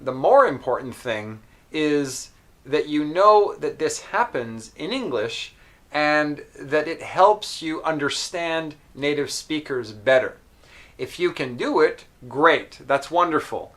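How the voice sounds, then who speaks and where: A man teaching an English pronunciation lesson, patient and clear, with frequent ums and spoken demonstrations of sounds. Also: a little high, a bit bright.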